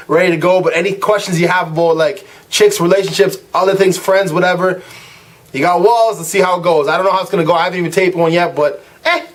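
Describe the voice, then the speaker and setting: A young man with a high voice rants about a night out for his vlog audience. He tells it in a lively, loose way, acting out quotes and tripping over his words with fillers and restarts. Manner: animated storytelling, acts out quotes, frequent "like" and restarts. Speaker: vlog host. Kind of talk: casual rant to camera.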